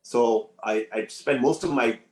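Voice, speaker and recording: Animated storytelling man, roomy sound. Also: medium pitch, unhurried. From grew up in Nigeria and Canada. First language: French. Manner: animated storyteller who acts out quoted voices. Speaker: podcast guest. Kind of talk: casual storytelling interview.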